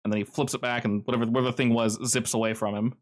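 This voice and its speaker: A man narrating as game master in a casual, animated storytelling manner. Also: mid-range voice, racing.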